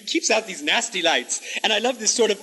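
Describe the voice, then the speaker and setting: A man hosts a comedy cable show, camping it up in a grand, haughty, mock-aristocratic monologue laced with affected French phrases. His high-pitched voice is expressive and sharp in tone, and he talks briskly.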